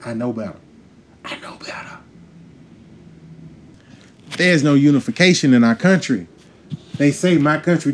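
A man hosting a podcast, delivering a heated, profane, emphatic rant straight to his listeners. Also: a little high. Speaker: podcast host. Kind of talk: ranting monologue.

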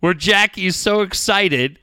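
A man's voice: high voice, slow, bright, forceful tone, clear, resonant tone, no room sound, studio quality. A middle-aged man co-hosting a show, telling profane stories with frequent laughter in casual chat. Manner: profane, storytelling, laughs often. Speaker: podcast co-host.

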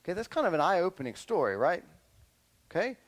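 A middle-aged male pastor preaching a sermon to young listeners, animated and checking in often with "right?" and "okay?". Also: high-pitched, brisk, low-quality recording. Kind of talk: sermon to children and youth.

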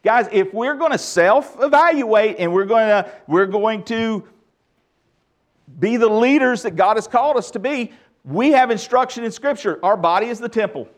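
A middle-aged man preaching a sermon as pastor, emphatic and lively with touches of humor. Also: sits high, normal speed.

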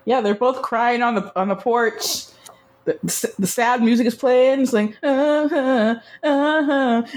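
A woman's voice: a little high, steady tone, normal speed. A woman co-hosting a podcast, chatting playfully and laughing while recapping a show. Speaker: podcast co-host. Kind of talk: casual TV recap chat.

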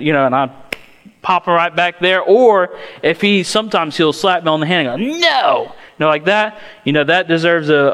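A man's voice: a little high, a bit bright. A young man from north Florida preaching a sermon as pastor, emphatic and folksy, tossing out rhetorical questions. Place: church sanctuary. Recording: long church reverb.

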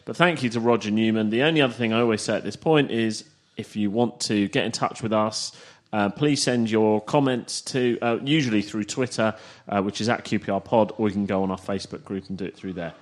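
A man's voice: fairly low pitch, a little fast, hardly any pauses. A man hosting a casual football podcast, leading the segments in a chatty, teasing way. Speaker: podcast host. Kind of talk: casual chat.

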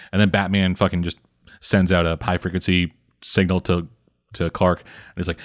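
Very deep-voiced man, profane comic recap. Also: level tone. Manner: profane, rambling recap with quick mock voices for characters. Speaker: podcast co-host recapping a comic. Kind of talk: casual chat. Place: home at night, speaking quietly for housemates.

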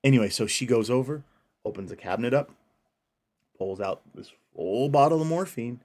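A man with an expressive, mid-range voice and a darkish tone speaks at a moderate pace. Co-hosting a casual podcast, he retells a film's plot and acts out the characters' lines.

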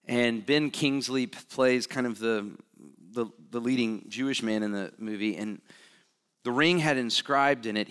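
A man's voice: medium pitch, fairly bright tone. A male pastor delivering a sermon, fervent and conversational, building to emphatic peaks. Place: church sanctuary. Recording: long reverb of a large hall.

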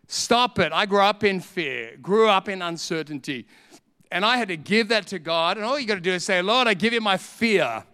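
A man's voice: high-pitched, smooth, big-room sound. A middle-aged man with an Australian accent preaching a sermon. He tells stories with animation and hammers points home by repeating them. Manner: animated storytelling, emphatic repetition.

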